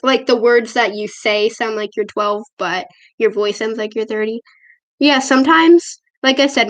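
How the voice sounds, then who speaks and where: A woman's voice: on the high side, a bit bright. Chatty girl talking over a tablet mic. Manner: chatty and self-deprecating, with frequent fillers. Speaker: livestream host. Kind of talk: casual live chat, reading comments. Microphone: tablet camera microphone.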